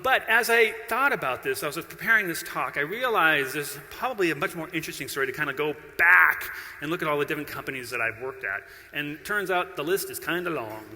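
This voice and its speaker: A man's voice: a little high, sharp tone. A middle-aged man giving a conference talk, playful and self-deprecating, bantering with the audience. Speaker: conference keynote speaker. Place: large conference hall. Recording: long hall reverb.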